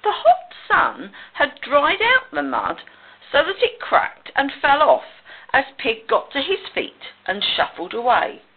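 A woman reads a children's picture book aloud, slowly and with very animated, swooping intonation. Her voice is a little husky. The audio is narrow and tinny, like a phone line. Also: high-pitched. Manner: slow, expressive storytelling. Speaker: storyteller.

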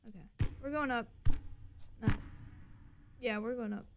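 Young woman streamer, slow and swearing. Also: a little high, noisy background. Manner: swearing, chatty, joking to chat. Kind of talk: live game streaming.

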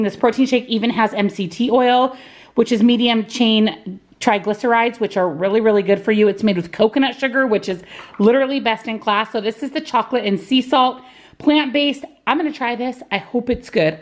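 A woman's voice: fairly high pitch, fairly quick. A woman in her thirties chatting casually to her viewers in an upbeat vlog, filming herself at home. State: out of breath after a workout. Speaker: lifestyle vlogger. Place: home garage and kitchen.

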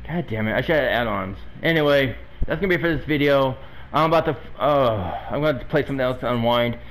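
A man's voice: medium pitch, quick pace, a bit bright, a little hiss or hum, low-quality recording. A man hosting his own gaming videos, swearing and venting his frustration as he plays. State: irritated. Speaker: gaming channel host. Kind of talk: angry live gameplay commentary.

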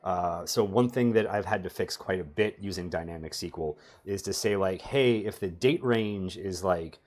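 A man's voice: low voice, moderate pace, darkish tone. A middle-aged man teaching a database tutorial over a screen share, talking casually with sardonic, self-mocking humor. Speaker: database performance trainer.

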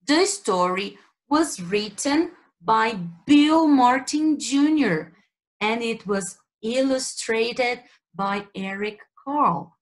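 A woman English teacher with a Brazilian Portuguese accent, leading a children's story time and asking simple questions about animals and colors. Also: fairly high pitch. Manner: slow, exaggerated sing-song questioning for kids.

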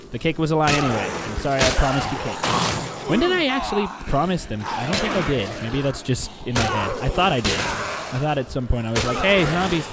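A man giving casual, rambling, jokey let's play commentary, often talking back to the game. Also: medium pitch. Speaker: gameplay commentator. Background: game music.

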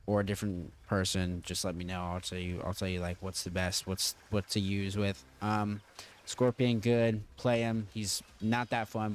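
A man hosting a casual video game tutorial, rambling and stop-start with lots of fillers. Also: on the low side. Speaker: gaming channel host.

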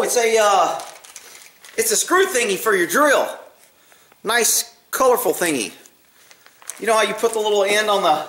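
A man's voice: sits high, fairly bright tone, distant mic. Man muttering and swearing in an echoey room. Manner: mutters to himself, swears freely. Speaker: channel host opening gifts. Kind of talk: casual unboxing chat. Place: room at home with a table. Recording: echoey room, voice off-mic, faint noise.

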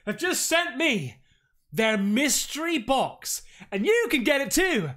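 A man hosting an excited unboxing chat, excitable, with loud exclamations, calling everyone mate. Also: very high-pitched, slow pace. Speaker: paranormal YouTuber.

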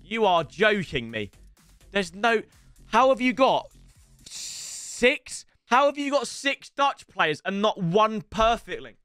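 A young man, chatting casually as he rates viewers' football game teams, swearing and breaking into loud yells. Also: high voice, sing-song, measured pace, clear, resonant tone, no room sound, clean studio sound, faint music behind. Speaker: FIFA YouTuber rating viewer teams. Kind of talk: casual gaming commentary.

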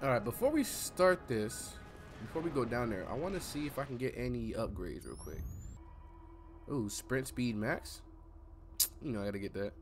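A young man giving loud, playful gameplay commentary, swearing and shouting at the game. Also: medium pitch, expressive, normal speed, faint music behind. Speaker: gamer streamer.

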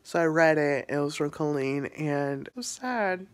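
A man's voice: a little high, expressive, measured pace, clear, resonant tone. A young man talking casually to camera in a vlog, rambling and full of fillers, often laughing at himself. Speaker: vlogger. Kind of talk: casual emotional vlog talk.

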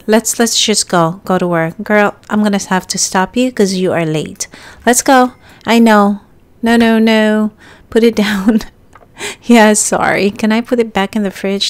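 A young woman giving casual let's-play commentary, chatting to her character and viewers and bursting into excited yelps. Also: mid-range voice. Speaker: gaming YouTuber.

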